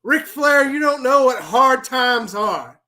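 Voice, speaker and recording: A man doing an impression of a fiery old-school male wrestler cutting a promo, preaching with drawn-out emphasis and a voice pushed far above his own. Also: extremely high pitch, animated, sharp tone, pitched above the performer's own voice, heavily acted.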